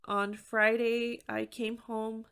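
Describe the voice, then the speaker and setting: A woman's voice: on the high side, level tone, slow, vocal fry, fairly bright tone, clear, resonant tone. Candid woman hosting a solo podcast. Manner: candid and conversational, frequent "like" fillers. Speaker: podcast host.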